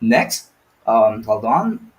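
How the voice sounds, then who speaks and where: A man's voice: lowish voice, big pitch swings, drawn-out words. A young adult man with a Filipino accent, teaching an online lesson in a loose, chatty way with many fillers and asides. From Philippines.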